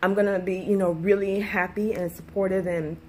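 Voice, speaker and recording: A woman's voice: mid-range voice, steady tone, brisk, a little mellow, slight background noise. Candid, rambling woman vlogger. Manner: candid, rambling, with many fillers and restarts. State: emotional, close to tears. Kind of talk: casual personal vlog talk.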